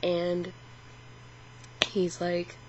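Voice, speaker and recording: A woman's voice: on the low side, monotone, extremely slow. A woman in a casual vlog, talking in a rambling way with lots of fillers and swearing. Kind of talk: casual vlog retelling a dream. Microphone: built-in camera mic. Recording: dull lo-fi camera audio with faint hum.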